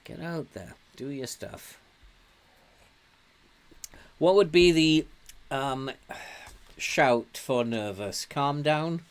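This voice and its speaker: A man's voice: a little high, animated, very slow, long pauses, clear, resonant tone. An older man from England giving casual commentary while playing a football management game, chatty and laughing often, cheering his team on. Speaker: game streamer.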